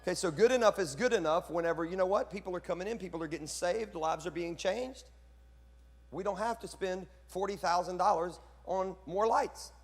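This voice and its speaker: A man's voice: high voice, fairly quick. A man preaching to fellow pastors, joking and breaking into bursts of preacher fire. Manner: lively, joking, preacherly outbursts. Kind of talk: conference sermon to pastors. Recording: hall reverb.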